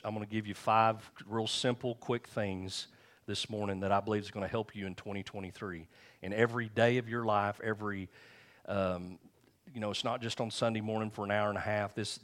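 A middle-aged man preaching a sermon. He talks in a somewhat low voice and keeps it conversational, with asides and repeated phrases. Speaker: pastor.

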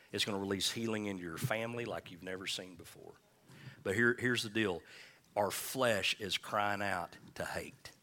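Male pastor, lower register, pointed edgy delivery; casual preaching with jokes and call-and-response. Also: sharp tone. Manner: folksy, joking asides, scripture read slowly. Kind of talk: conversational sermon with call-and-response.

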